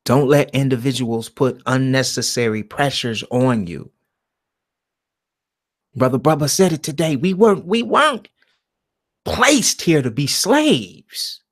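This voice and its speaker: Slow, meditative man speaking alone. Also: mid-range voice, expressive. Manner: slow, drawn-out, swings between loud emphasis and near-whisper. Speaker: live stream host. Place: alone at home.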